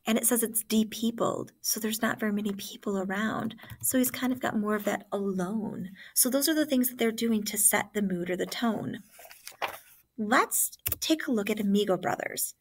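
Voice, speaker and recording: A woman teacher leading an online class, explaining ideas one example at a time. Her voice sits at a middle pitch. She talks in a plain, guiding way and speaks straight to her students. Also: normal speed, a little hiss or hum.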